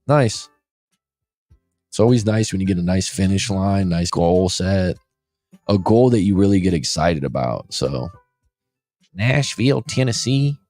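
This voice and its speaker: A man's voice: deep voice, animated, measured pace, pauses often, a little mellow, no room sound, soft background music. A man in his forties, a life coach hosting a show, talking casually and bluntly, swearing freely. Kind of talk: casual podcast talk.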